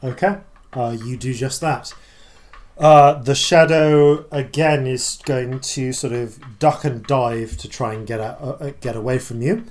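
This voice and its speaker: A man runs a tabletop game as dungeon master, talking at an ordinary middle pitch. He works through the rules out loud, stopping and restarting often. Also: steady tone, measured pace. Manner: explains rules at length with many ums and restarts.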